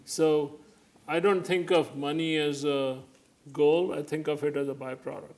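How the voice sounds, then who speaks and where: A man gives a keynote lecture in a lecture hall, telling anecdotes and jokes and laughing along with them. His voice is on the high side and darkish, with fairly even intonation and a slightly slow pace.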